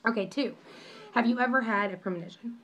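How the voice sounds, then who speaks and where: A woman's voice: fairly high pitch, quick pace, a crowd in the background. A young woman telling a story in a casual vlog, rambling and apologetic with many restarts, recorded on her phone at home. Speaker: vlogger.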